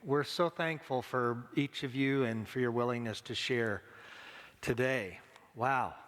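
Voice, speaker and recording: A man preaching a funeral sermon, slow and deliberate, repeating his key lines. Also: mid-range voice, a bit bright. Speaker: pastor. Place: church sanctuary. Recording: long church reverb.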